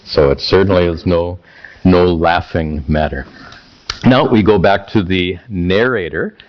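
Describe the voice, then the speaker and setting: A man teaching a scripture class, speaking haltingly with repeated words and chanting verses slowly. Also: low voice, lo-fi sound.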